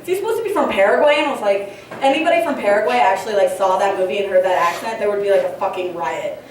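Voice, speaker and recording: A woman's voice: medium pitch, expressive, racing, distant mic, a little hiss or hum. A young woman doing a stand-up comedy set, rambling and profane, with lots of fillers and giggly asides. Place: comedy club stage, large room. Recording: very echoey room recorded from afar.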